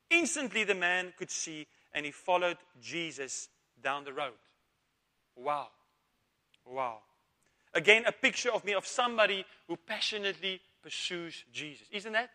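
A man's voice: high voice, normal speed, long pauses, bright, forceful tone. A man preaching a sermon, asking rhetorical questions, calling for amens and repeating words as he goes. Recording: long reverb of a church hall.

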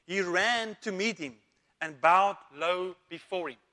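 A man's voice: sits high, unhurried, sharp tone. A man preaching a sermon, asking rhetorical questions, calling for amens and repeating words as he goes. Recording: long reverb of a church hall.

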